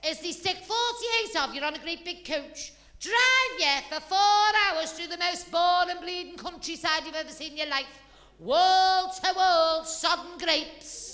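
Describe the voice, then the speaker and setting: A woman voicing a chatty, glamorous hairdresser who is blunt and scornful, with a loud, sing-song, gossipy delivery. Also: very high-pitched, in a large hall, voice pushed up.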